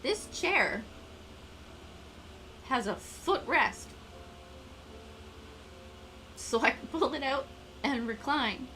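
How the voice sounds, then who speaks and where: A woman's voice: high voice, animated, takes it slowly, bright, forceful tone, a little hiss or hum, low-quality recording. A woman hosting a casual live stream, chatting in a rambling, self-deprecating way.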